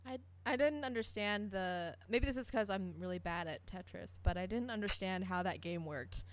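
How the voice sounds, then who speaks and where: A young woman with a medium-pitched voice speaks at a normal pace with no echo. She co-hosts a casual fan podcast, giggly and hesitant, often restarting her sentences.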